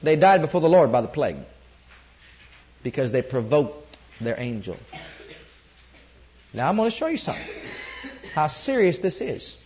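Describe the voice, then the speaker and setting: A man preaching a sermon, rising loud on key points and dropping low when quoting scripture. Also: very animated, moderate pace, pauses often, muffled recording, slight background noise.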